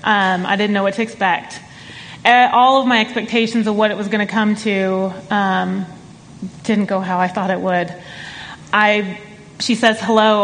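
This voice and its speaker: A woman giving a personal testimony in church, earnest and halting, with many fillers. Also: medium pitch, a bit bright. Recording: long reverb of a church hall.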